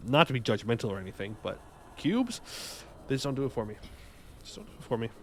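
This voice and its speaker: A man's voice: medium pitch, racing, a little hiss or hum. A young man streaming a game live, joking, rambling and bantering with his chat in a casual way. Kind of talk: casual gaming livestream commentary.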